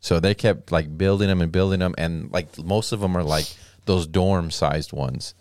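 Deep voiced guy telling stories on a podcast, smooth tone, dry close sound. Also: fairly even intonation, moderate pace, a little mellow, no room sound. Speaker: podcast co-host. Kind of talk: casual chat.

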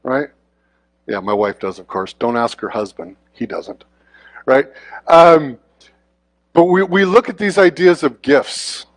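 A man preaching in a relaxed, conversational way, tossing quick questions to the congregation as he goes. His voice sits at an ordinary middle pitch for a man. It is recorded close up and dry, with almost no room sound. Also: no room sound. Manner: informal, often checks in with the congregation. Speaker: guest preacher. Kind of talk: conversational sermon.

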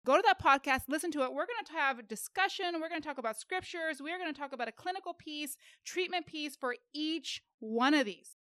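A woman's voice: high-pitched, brisk, few pauses, fairly bright tone, no echo, studio quality. A woman co-hosting a faith-based self-help podcast, talking to listeners in a direct, upbeat and encouraging way. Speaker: podcast co-host.

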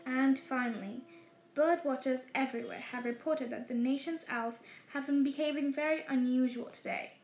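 A woman's voice: high voice, normal speed, darkish tone, a little hiss or hum. Lady doing a stiff tv newsreader guy, news-style delivery, roomy echo. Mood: formal. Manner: formal broadcast delivery. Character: male TV newsreader, formal, dry.

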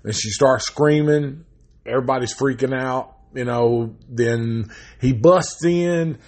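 A husky-voiced man retells a horror movie plot in a loose, rambling monologue. He swears constantly and jumps from plot points to his own opinions and rants. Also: medium pitch, slow pace. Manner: rambling and profane, swearing heavily, gets loud and animated in rants. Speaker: movie reviewer. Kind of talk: casual profane movie recap.

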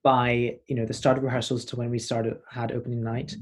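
This is a Northern Irish performer in his twenties, chatting as a guest in an informal interview. He tells lively, rambling stories fairly quickly in a mid-range voice.

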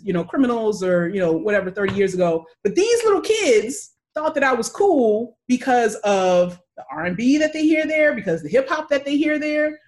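Woman from the US, fairly high voice, lively travel storyteller who acts out the voices. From United States.

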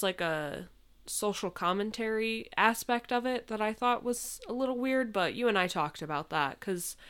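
Bright-voiced woman giving a movie review. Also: mid-range voice, clean tone. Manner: hesitant, frequent "yeah" and "uh". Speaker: podcast co-host. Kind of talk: casual movie review chat.

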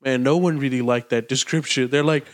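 A man co-hosting a podcast in casual chat, relaxed, telling anecdotes and asking questions. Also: medium pitch, a little fast. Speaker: podcast co-host. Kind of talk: casual banter.

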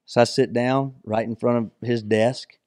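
Profane, animated man telling stories. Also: mid-range voice, measured pace, no room sound, studio quality. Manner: animated, profane, acts out quoted lines. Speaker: podcast co-host. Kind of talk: casual storytelling chat.

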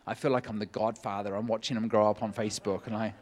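A man preaching a sermon, telling a personal story in a lively way and acting out the voices of the people in it, at a church meeting. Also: lowish voice, quick pace. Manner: lively, acts out quoted voices. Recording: long hall reverb.

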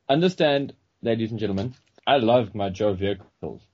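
A man's voice: lowish voice, normal speed, dull audio. A man in a casual chat, playful and theatrical, joking around.

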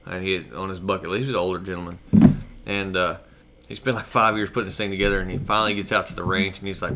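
A man co-hosting a podcast, telling animated anecdotes in casual chat and mimicking the people he quotes. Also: low voice, quick pace, noisy background. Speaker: podcast co-host.

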